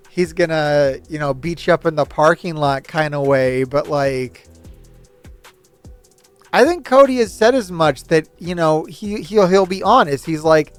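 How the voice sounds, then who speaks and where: A man's voice: a little high, clean tone. A man hosting his channel, ranting casually and animatedly, laughing often and slipping into mocking impressions. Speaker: host. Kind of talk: casual opinionated rant.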